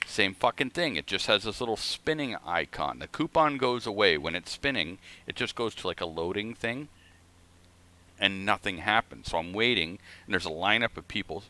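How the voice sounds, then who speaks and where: A man's voice: lowish voice, sing-song, moderate pace, sharp tone. A man streaming a flight simulator, telling a rambling, profane story in casual chat.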